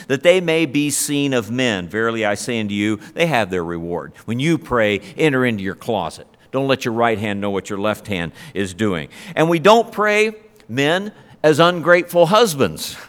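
Preacher with a long hall echo. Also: male voice, medium pitch, expressive, moderate pace, fairly bright tone, clear, resonant tone. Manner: conversational preaching with rhetorical questions. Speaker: pastor. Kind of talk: sermon.

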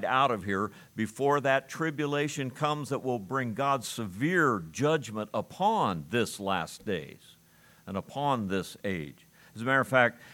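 A middle-aged man preaching a sermon at an ordinary, middle pitch. He talks earnestly and conversationally, and his voice climbs and swells whenever he reads scripture aloud. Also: a bit bright. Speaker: pastor.

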